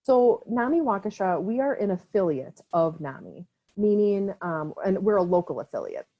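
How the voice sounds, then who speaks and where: A woman's voice: mid-range voice, animated, normal speed. Give me a Wisconsin woman with an Upper Midwest accent, presenting casually. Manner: casual, filler-heavy, often tags "right?". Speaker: presenter for a mental health nonprofit. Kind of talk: online training presentation. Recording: slightly dull lo-fi call audio.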